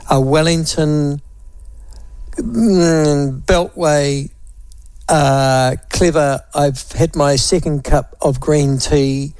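A man's voice: a little high, drawn-out words, a little mellow, clear, resonant tone, no echo. A man with a New Zealand accent hosting talk radio, musing aloud in a wry, opinionated way and toying with phrases.

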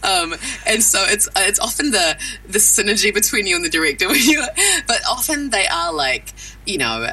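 A woman voice actor chats in an interview, her pitch rising and falling freely. Her voice is bright and forward, and she sounds a little distant from the mic, with faint room noise behind her. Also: moderate pace. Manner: animated, chatty, many fillers. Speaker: voice actor, guest. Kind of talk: casual interview talk.

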